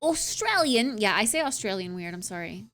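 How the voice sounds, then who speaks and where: A woman's voice: medium pitch, moderate pace, fairly bright tone. A young woman streamer wrapping up her live stream in casual, rambling chat, with lots of filler sounds and playful asides. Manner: playful, tries out accents.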